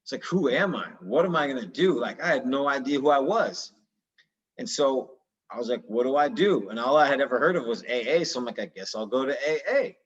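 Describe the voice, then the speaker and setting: A man's voice: mid-range voice, lively intonation, fairly quick, breathy edge, lo-fi sound. A man in his thirties candidly telling his own story in a casual, slangy, earnest way. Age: 30s.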